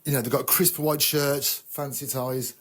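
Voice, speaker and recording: Husky-voiced sweary English man. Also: mid-range voice, steady tone, measured pace, fairly bright tone. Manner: rambling, profane, self-mocking. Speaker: army veteran telling a story. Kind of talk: casual sweary anecdote.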